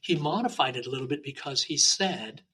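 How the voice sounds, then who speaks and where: A man from Hawaii, a martial arts teacher, chatting in an interview and telling lively anecdotes with frequent uh fillers. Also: a little high, a little fast, slightly rough, low-quality recording. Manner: animated, talkative anecdotes with many uh fillers. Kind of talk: casual interview storytelling.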